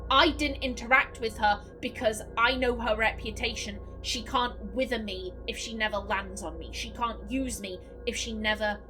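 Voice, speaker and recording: A woman's voice: a little high, steady tone, normal speed, hardly any pauses, poor audio. A woman streamer commenting on a game as she plays, chatty and casually swearing. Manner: chatty, swears, talks to herself. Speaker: let's play streamer. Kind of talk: gaming commentary. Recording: voice over game music.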